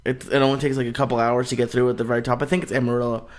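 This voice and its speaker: A man's voice: mid-range voice, level tone, very fast. A man co-hosting a casual podcast, chatting in a hesitant, rambling way full of fillers. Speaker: podcast co-host.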